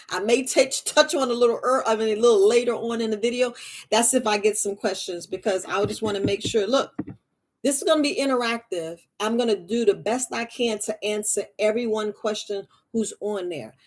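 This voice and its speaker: Woman herbalist on a live, kinda high voice, laughs a lot, keeps repeating stuff. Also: moderate pace. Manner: chatty, laughs often, repeats phrases. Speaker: herbalist hosting a live stream. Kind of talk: casual live-stream talk to viewers.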